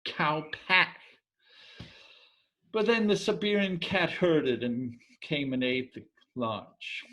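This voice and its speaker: A man tells an old folk tale in an easygoing, conversational way. He pauses now and then to hunt for a word and lets some remarks trail off quietly. His voice sits at an ordinary middle pitch. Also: poor audio. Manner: relaxed, searching for words, drifting into quiet asides. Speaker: storyteller. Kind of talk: casual oral storytelling.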